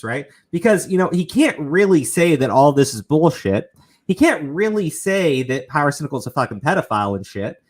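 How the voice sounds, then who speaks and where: Brief: male stream host, lively pitch swings, rambling, swears freely. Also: moderate pace. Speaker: show host. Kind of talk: casual commentary stream.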